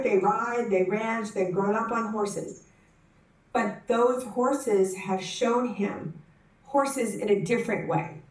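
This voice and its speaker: A woman telling a personal story to a conference audience, animated and acting out the voices in her story, often restarting her sentences. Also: mid-range voice. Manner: frequent self-corrections and restarts. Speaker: conference speaker. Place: conference hall. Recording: roomy hall, speaker distant from the mic.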